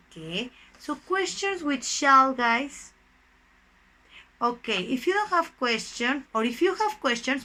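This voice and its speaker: Woman teacher, somewhat high voice, slow and deliberate, leans hard on key words. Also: sharp tone. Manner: keeps addressing the class as "guys". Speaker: English teacher. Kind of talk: recorded online English lesson.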